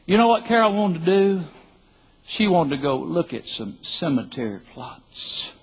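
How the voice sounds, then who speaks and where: Husky older preacher with folksy humor. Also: male voice, a little high, sing-song, a little slow. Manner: emphatic, folksy joking. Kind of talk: sermon with humorous storytelling. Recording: dull lo-fi recording.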